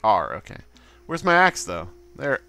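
A man's voice: lowish voice, sing-song, a little slow, sharp tone, soft background music. A man casually commenting on his own gameplay, goofy and swearing, with silly sound effects. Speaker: let's play host.

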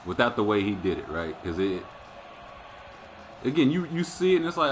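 A man's voice: mid-range voice, very animated, fairly quick. A man streaming a hockey video game, chatting casually and animatedly and swearing freely. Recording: video game arena crowd noise behind. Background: hockey game crowd and commentary.

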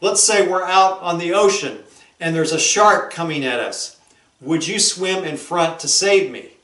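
A man's voice: high-pitched, a little slow, fairly bright tone. A man putting on an exasperated young wife. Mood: pleading. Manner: pleading, nagging. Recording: roomy echo.

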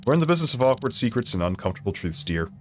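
A man reading out a stern, condescending intelligence agency chief from a video game, in a lower and quieter voice. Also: sing-song, rapid-fire, soft background music, natural voice.

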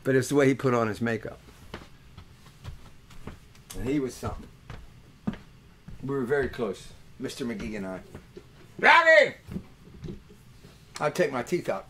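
A man's voice: mid-range voice, moderate pace, long pauses, slight background noise. An older man, a musician hosting a webcast, telling rambling, joking, earthy stories between songs. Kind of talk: casual storytelling between songs.

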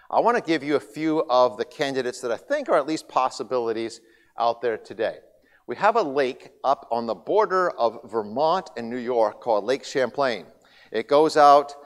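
Casting: male guest speaker, animated storyteller, mid-pitched voice, long echo of a big hall. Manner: lively storyteller, grows loud and excited in anecdotes. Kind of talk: church seminar talk.

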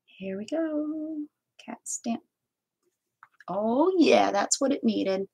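Her voice sits a little high, slow and creaky, somewhat mellow and slightly rough, with lively intonation over a rough recording. Stamping on her crafting livestream, she talks casually to herself and to viewers in chat, breaking into playful invented sing-song asides.

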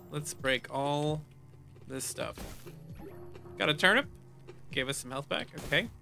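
Bright, playful young-sounding man gaming. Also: medium pitch, creaky. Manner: playful, reads on-screen text aloud, hums and makes silly sound effects. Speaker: gamer playing through a game. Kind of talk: casual let's play commentary.

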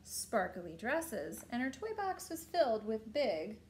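A woman reading a children's picture book aloud to a child, gently stopping to point at pictures and ask questions. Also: fairly high pitch, sing-song, measured pace, slight background noise.

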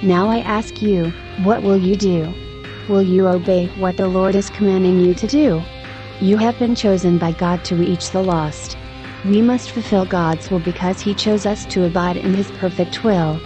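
A woman's voice: mid-range voice, steady tone, normal speed, warm tone, faint music behind. A woman narrating a religious testimony in earnest, exhorting tones.

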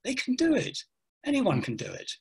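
A man's voice: very high-pitched, normal speed, creaky, husky. An older man talking playfully about teaching pronunciation as the guest of a video call interview, acting out classroom instructions. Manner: playful, animated, acts out classroom lines. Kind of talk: casual interview talk.

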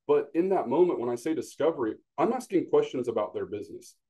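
A man's voice: mid-range voice, lively intonation, fast talker, warm tone. A man, a sales manager talking bluntly and animatedly as a podcast guest, acting out quotes as he tells stories. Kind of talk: casual podcast conversation.

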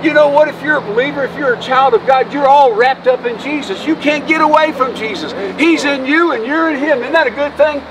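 A man's voice: very high-pitched, fairly quick, few pauses, crowd noise. A man preaching an Easter sermon outdoors as pastor, folksy and emotional, joking with his congregation. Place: outdoors by a road. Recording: distant mic, faint noise.

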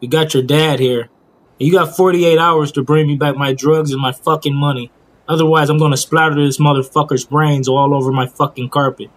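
A man's voice: on the high side, fairly even intonation, brisk, lightly acted. Cold, cursing drug boss from a game-made crime movie, all threats, voiced by the narrator in his own voice. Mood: menacing. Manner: threatening, profane. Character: menacing male drug boss, cruel and cold.

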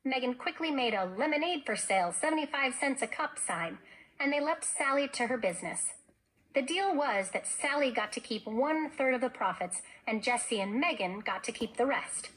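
A woman teacher reads a children's novel aloud to her class. Her delivery is expressive, and her voice sits fairly high. She tells the story like a storyteller, shaping each line. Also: normal speed, poor audio.

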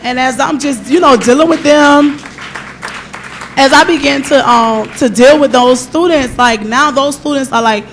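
A woman's voice: high voice, normal speed, a little hiss or hum. A middle-aged woman giving a personal testimony at a church service, telling her story with animation and acting out the lines of the people in it.

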